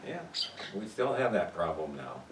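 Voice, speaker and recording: A man's voice: sits low, very animated, moderate pace. Man, Bible study teacher, conversational, questions the group, noisy recording. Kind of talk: leading a church Bible study. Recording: echoey room, mic far off, noisy.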